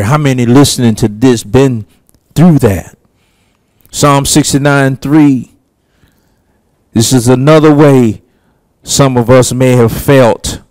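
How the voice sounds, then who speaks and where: A man preaching a sermon, slow and emphatic, with long pauses between phrases. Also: medium pitch, a little mellow, no room sound. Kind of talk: sermon teaching.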